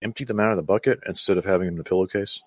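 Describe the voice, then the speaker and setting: Fast, heated man ranting in chat. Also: low voice, breathy edge, no echo, studio quality. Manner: heated, profane rants. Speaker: podcast co-host. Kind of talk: casual chat.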